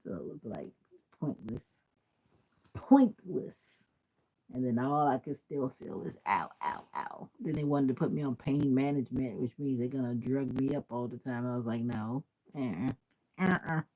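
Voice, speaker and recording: A young woman from Jamaica chats casually to her livestream, reacting to comments and laughing often. Her voice is mellow and dark, with a gravelly, husky edge. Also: extremely low pitch, a little fast, rough recording. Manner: chatty, laughs often, talks to viewers' comments. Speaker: livestream host. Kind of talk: casual live-stream chat.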